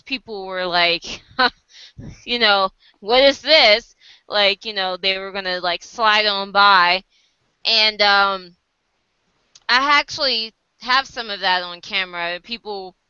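A woman's voice: a little high, bright, forceful tone, smooth, no echo, muffled recording. An American woman casually telling a story to camera, acting out other people's lines and laughing often. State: sleep deprived. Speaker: vlogger.

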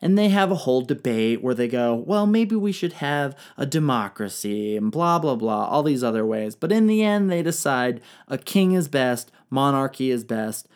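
A woman with a low voice tells ancient history as a comedy, swearing and slinging slang as she goes. Her delivery swings widely in pitch, animated and playful. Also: moderate pace, few pauses, clear, resonant tone. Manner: irreverent, profane, slangy, jokey.

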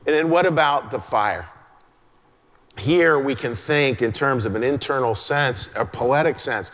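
A man preaching a sermon as a pastor, chatty and conversational, dropping into a soft hush to stress a point. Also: mid-range voice, measured pace. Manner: conversational, drops to a hush for emphasis. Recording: long hall reverb.

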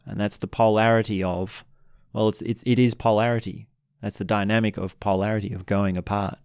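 A man calmly teaching about relationships in an unhurried, reflective way, sometimes acting out what couples say. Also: lowish voice, clean tone, no echo, clean studio sound. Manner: calm, unhurried, acts out quoted couples.

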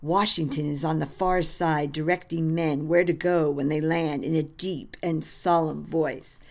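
A woman narrating a scripted story, reading scene directions in a measured way. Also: low voice, steady tone. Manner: measured, reads stage directions.

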